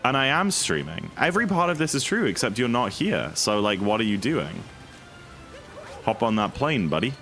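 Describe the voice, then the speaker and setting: Playful man with a lively voice. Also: mid-range voice, normal speed, faint music behind. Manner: playful, jokey, reads chat aloud. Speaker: streamer. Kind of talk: casual livestream chat while speedrunning.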